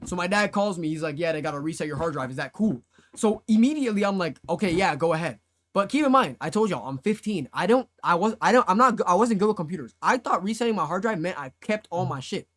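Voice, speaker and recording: A man's voice: high-pitched, lively intonation, fast, a bit bright. A young man streamer telling a story to his live chat in casual slang, acting out his own past reactions.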